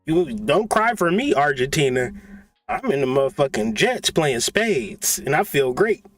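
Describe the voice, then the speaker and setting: A man's voice: on the high side, very animated, measured pace, no echo, faint music behind. A man in a casual, profane monologue, joking and laughing as he talks. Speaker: channel host.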